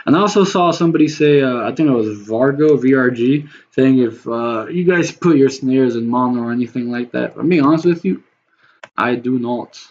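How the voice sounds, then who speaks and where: A man's voice: medium pitch, moderate pace. Casual man producing beats on stream. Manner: rambling, loose and profane, talks to chat viewers. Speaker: music producer streaming a beat-making session. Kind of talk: casual livestream talk while producing. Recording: slightly dull lo-fi stream audio with faint noise.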